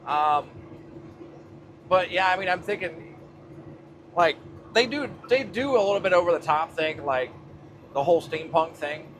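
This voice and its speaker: A man's voice: fairly high pitch, a little slow, long pauses, noisy background. A man hosting a livestream from his truck cab, talking loosely with his chat and swearing casually as he drives.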